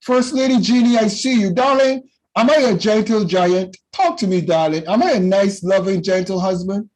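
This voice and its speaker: A man teaching a youth class in a loud, passionate preaching style, often calling out to his listeners. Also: sits high, normal speed, low-quality recording. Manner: loud and passionate, with call-and-response phrases.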